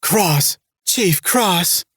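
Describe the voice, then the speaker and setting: A frantic, terrified woman shrieks in high, piercing bursts, as a male narrator puts her on. She sounds like a camp cook at the end of her wits, crying out in panic. The voice is dry and close, with no room around it. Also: expressive, drawn-out words, a bit bright, breathy edge, no room sound, exaggerated voice. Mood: panicked shrieking.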